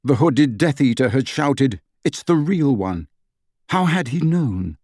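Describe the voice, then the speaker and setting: Brief: expressive male storyteller, mid pitch, highly animated reading, dry studio sound. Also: slow, no echo. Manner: dramatic, lively storytelling of action scenes. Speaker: audiobook narrator. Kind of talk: expressive audiobook narration.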